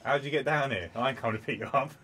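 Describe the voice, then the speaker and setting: A man's voice: medium pitch, very fast, bright, forceful tone, breathy edge. A man co-hosting a podcast, chatting in a laid-back way and swearing casually. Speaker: podcast co-host. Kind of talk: casual chat.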